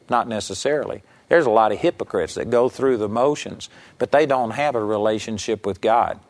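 A middle-aged man preaching a radio sermon as a pastor, telling stories and quoting people in a raised, lively voice. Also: medium pitch, brisk, few pauses. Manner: animated storytelling preacher, quotes people in raised voice.

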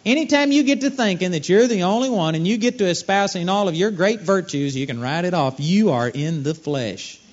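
Animated high-voiced male preacher. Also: fairly quick, few pauses. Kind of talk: sermon. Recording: dull lo-fi sermon recording.

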